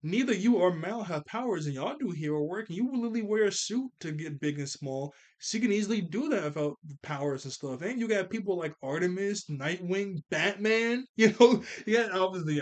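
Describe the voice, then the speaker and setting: Guy recapping a cartoon ep, slightly high voice, chatty, laughs a lot. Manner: chatty, laughs often, quick character quotes. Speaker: cartoon episode reviewer. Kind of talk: casual episode recap.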